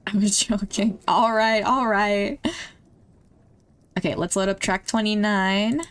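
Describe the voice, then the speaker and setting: A young woman talks through music videos on a stream in an easy, unhurried way. She is chatty and gets openly emotional, laughing and gasping as she reacts, at a middle pitch. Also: steady tone, clear, resonant tone. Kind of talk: casual reaction commentary.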